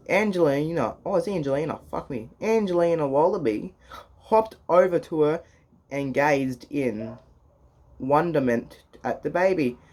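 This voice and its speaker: A man reading a children's book aloud in a casual, halting way. He restarts lines and drops swear words in his asides. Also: on the high side, darkish tone. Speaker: reader.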